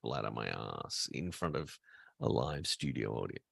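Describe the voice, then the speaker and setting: Man, deep gravelly voice, animated pitch, giggly self-deprecating chat, dry sound. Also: moderate pace, no room sound. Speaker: podcast co-host. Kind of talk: casual pre-show chat.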